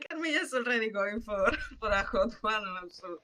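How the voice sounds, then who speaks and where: A woman's voice: a little high, expressive, normal speed, pushed and bright. A woman narrating her character in a casual tabletop role-play, hesitant and laughing often.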